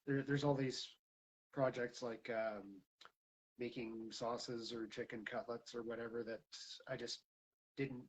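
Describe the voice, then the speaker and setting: A man talking casually as a guest, soft-spoken and hesitant. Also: medium pitch, level tone, unhurried, husky, poor audio. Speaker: podcast guest. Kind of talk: casual chat.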